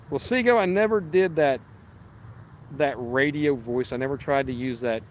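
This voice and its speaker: A man's voice: medium pitch, slight background noise. A man, hosting a fishing livestream outdoors and chatting casually, rambling and restarting as he reads viewer messages. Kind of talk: casual live-stream chat. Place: outdoors at a park lake.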